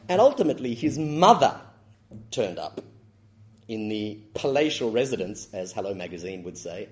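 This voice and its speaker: A man's voice: lowish voice, sing-song, moderate pace, a little mellow. A middle-aged man giving a law lecture, with dry wit, often correcting himself and chuckling at his own stories. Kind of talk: academic lecture with anecdotes.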